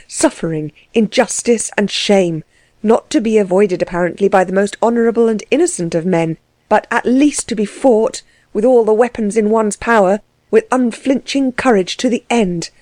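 Female audiobook narrator, measured, expressive delivery, dry close recording. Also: mid-range voice, dry recording. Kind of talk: scripted narration.

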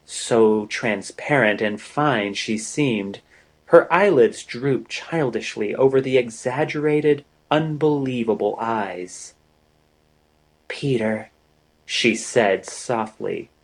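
A man reading a romance novel aloud as narrator, in a measured literary way. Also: mid-range voice.

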